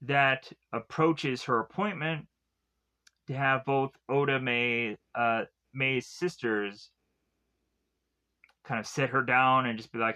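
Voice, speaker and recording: A man's voice: medium pitch, steady tone, slow pace, pauses often, pushed and bright, smooth. A man giving a casual spoken film review, retelling the plot in a rambling way with lots of fillers and restarts.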